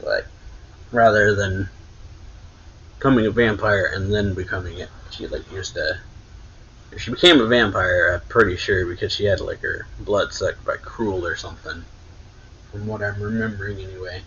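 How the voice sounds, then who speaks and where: A man's voice: sits low, steady tone, moderate pace, a bit bright, breathy edge. A man casually recapping a manga chapter, rambling with many fillers, on dull lo-fi audio. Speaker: manga reviewer.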